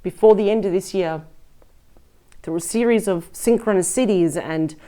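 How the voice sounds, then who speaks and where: A woman's voice: medium pitch, normal speed, mellow. A woman giving a casual, effusive and chatty tarot reading as the host of her channel. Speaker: tarot reader.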